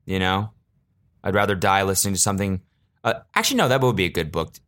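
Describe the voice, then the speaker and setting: A man's voice: low voice, animated, fast, fairly bright tone. A man hosting a podcast, telling a rambling comic story in a casual, sarcastic way, swearing freely and joking before taking it back. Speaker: podcast host.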